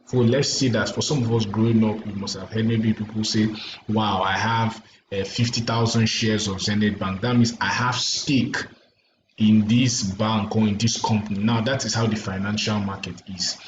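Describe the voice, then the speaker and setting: A man's voice: on the low side, steady tone, normal speed. Tired Nigerian man teaching, echoey room. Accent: Nigerian English. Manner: repeats "right?" and "you understand" to check listeners. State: tired and yawning. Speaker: trading course teacher. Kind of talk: casual explanatory lecture. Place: recording indoors late at night. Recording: echoey room, dull lo-fi sound, faint background hiss.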